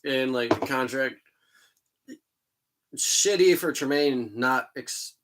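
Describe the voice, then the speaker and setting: A man co-hosting a casual podcast, blunt and quick to swear while giving his opinion. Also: medium pitch, background noise. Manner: blunt, swearing, reacts with short agreements. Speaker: podcast co-host.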